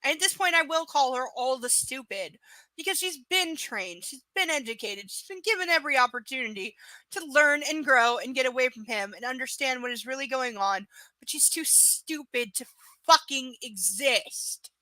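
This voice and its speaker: A woman with a high, bright voice reads a book aloud live. She keeps stopping to tear into the characters with sarcastic, swear-filled rants. The recording sounds dry and close. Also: animated, moderate pace, no echo. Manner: profane, sarcastic, exasperated ranting. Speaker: host reading a novel aloud on a livestream. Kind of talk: live book reading with ranting commentary.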